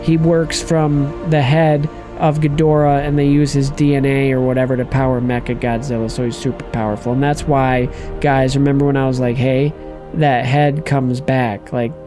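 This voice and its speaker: A man in a casual movie discussion, recapping the plot in a rambling, animated way. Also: medium pitch, moderate pace, over music.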